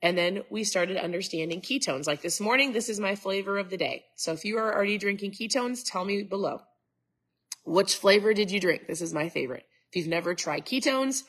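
Husky-voiced chatty woman host, stuffed up. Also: mid-range voice, a little fast, fairly bright tone. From Minnesota, USA. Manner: chatty, greets viewers by name, rambling asides. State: stuffed-up nose. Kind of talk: casual live-stream talk to viewers.

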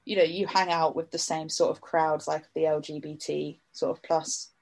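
A young woman in casual chat, talkative and quick to laugh, acting out the people she quotes. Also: sits low, little pitch movement, gravelly, darkish tone. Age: young adult. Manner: chatty, laughing often, acts out quoted voices.

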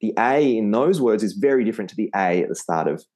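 A man's voice: lowish voice, lively intonation, fast talker, a little mellow. Australian man explaining pronunciation. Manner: explains patiently, demonstrates pronunciation by repeating words. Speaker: guest, Spanish teacher. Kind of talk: podcast interview.

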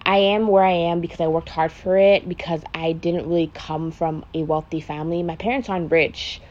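A young pregnant woman, a vlogger doing a makeup podcast, chats frankly and emotionally in a casual, confessional way, swearing freely and saying "like" constantly. Her voice is lowish and darkish, fairly even in intonation and fairly quick, with the highs cut off.

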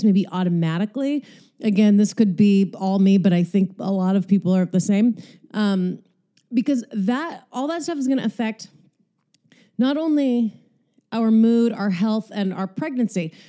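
A woman's voice: medium pitch, mellow. A woman hosting her own podcast in a casual, chatty, salty way, a little out of breath, recording from a hotel room. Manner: chatty, profane, self-deprecating. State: slightly out of breath. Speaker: podcast host. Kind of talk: casual solo podcast chat.

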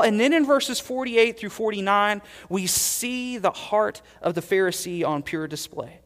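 A man preaching a sermon as pastor, earnest, swelling loud and then dropping to quiet emphasis. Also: high voice, animated, moderate pace, hardly any pauses, big-room sound.

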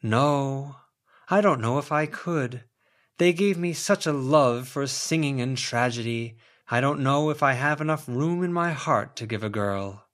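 A man's voice: medium pitch, a bit bright, voice pushed up, close to an everyday voice. A man voicing a whimsical, romantic young man in an audiobook reading, drawing out his words dramatically. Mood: dreamy theatrical. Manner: slow, lingering, dramatic delivery.

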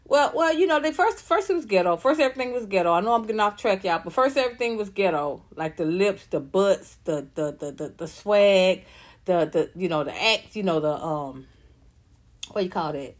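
A woman's voice: mid-range voice, lively intonation, moderate pace. A woman in her fifties, a comedian, ranting to viewers on a livestream, profane, repetitive and fired up. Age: 50s.

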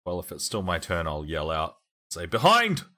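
A man's voice: a bass voice, flat delivery, normal speed, fairly bright tone. A man playing a tabletop game, methodically talking through his moves and the rules as he goes. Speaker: player. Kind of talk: casual tabletop play.

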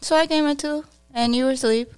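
A woman's voice: high-pitched, fairly even intonation, a little fast, a little mellow. A young woman co-hosting a casual podcast, telling stories with lots of giggling and animation. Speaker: podcast co-host.

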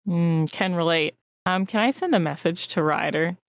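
Sassy gamer, gravelly fry in the voice, dry close mic. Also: medium pitch, moderate pace, dry recording. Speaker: player. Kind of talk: playing a tabletop game.

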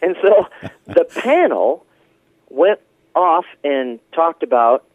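A man telling a story in casual conversation, animated and laughing often, with lots of fillers. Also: fairly high pitch, takes it slowly, dry recording. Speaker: guest. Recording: tinny phone line, dry.

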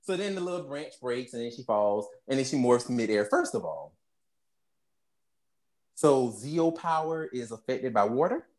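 Podcast co-host, movie recap, animated, laughing, acts out quotes, casual cursing. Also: mid-range voice, normal speed.

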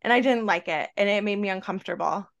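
A woman's voice: medium pitch, quick pace, vocal fry, a bit bright. A young woman as a guest on a casual podcast, telling stories playfully with lots of laughs. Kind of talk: casual chat.

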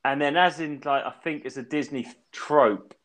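A man in his thirties from England, co-hosting a podcast in casual chat, rambling through an animated story and swearing freely. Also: on the high side, normal speed. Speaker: podcast co-host.

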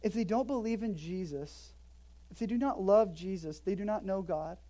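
A woman preaching in a church, her voice mellow and warm. She keeps a casual, conversational tone, drops joking asides, and leans in hard when she stresses a point. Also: medium pitch, moderate pace. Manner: emphatic, lively delivery. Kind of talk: expository sermon. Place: church in Hawaii.

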